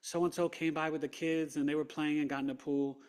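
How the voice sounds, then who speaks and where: A man's voice: on the high side, flat delivery, fairly quick, a little mellow, pitched above the performer's own voice, close to an everyday voice. A man voicing his baffled, sweet-talking wife in a raised, breezy voice.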